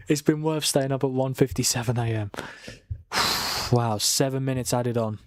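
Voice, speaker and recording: Excitable young man calling football live. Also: medium pitch, normal speed, no room sound. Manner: excitable, swearing, laughing, talking to a co-viewer. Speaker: watchalong host. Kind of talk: live football watchalong commentary. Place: home at night, keeping quiet.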